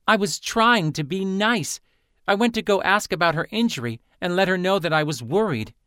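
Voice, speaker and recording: A man's voice: sits high, lively intonation, moderate pace, pushed and bright, smooth, no room sound, clean studio sound, voice pushed up. A man voicing a fiery, snide young female student in an audiobook. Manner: snide, combative.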